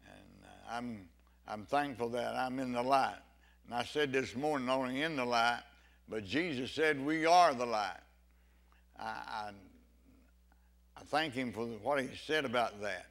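A man's voice: medium pitch, measured pace, vocal fry. A man preaching an evening sermon with fervor, repeating phrases and calling out amen and hallelujah. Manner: fervent, builds to loud exclamations.

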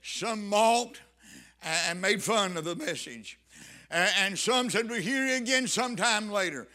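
A man's voice: high voice, a little slow, pushed and bright. A man preaching a sermon to his congregation, reading scripture and pressing his points with fervent emphasis. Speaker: pastor.

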